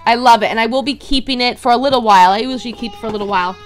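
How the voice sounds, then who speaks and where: A woman hosting a toy unboxing video, chatty and excitable, talking straight to her viewers. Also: a little high, rapid-fire. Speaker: toy unboxing channel host. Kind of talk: casual unboxing chat.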